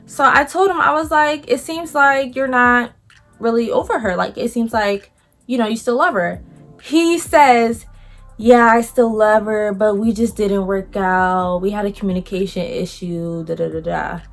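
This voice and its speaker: Lively woman telling a storytime vlog, kinda high voice, acts out everyone's lines, soft music playing under her. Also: unhurried. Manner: animated, lively, acts out other people's lines with slang. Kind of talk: casual storytime.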